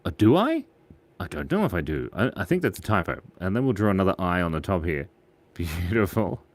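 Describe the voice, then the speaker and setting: Playful man hosting a lively drawing stream. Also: low voice, fairly quick, dry recording. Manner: playful, goofy, talks to the chat. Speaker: channel host drawing viewer suggestions. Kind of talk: casual live-stream chat while drawing.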